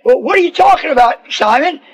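A man voicing a skeptical, rough-talking fisherman buddy, loud and scoffing in a folksy way. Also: very high-pitched, animated, moderate pace, full character voice, rough recording. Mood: incredulous.

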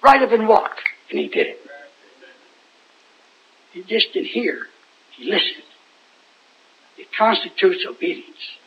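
A man's voice: sits high, huge pitch swings, slow, pauses often, slight background noise. A man preaching an informal Bible sermon in a folksy, rambling way, often putting questions to his listeners. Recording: dull lo-fi recording.

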